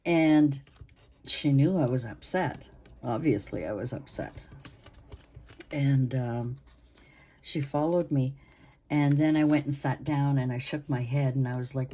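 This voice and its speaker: A woman in her sixties talks slowly in a low, husky voice, chatting casually to her viewers. She rambles with frequent pauses and restarts. Her throat is hoarse, and she coughs now and then. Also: warm tone. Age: 60s. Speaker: channel host. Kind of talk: casual chat to camera.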